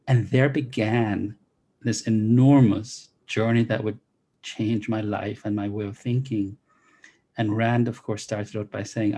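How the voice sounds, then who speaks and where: A man's voice: medium pitch, creaky, warm tone, slightly rough. A middle-aged man from Jamaica, a guest telling his life story in an interview over a video call, reflective and articulate with some restarts.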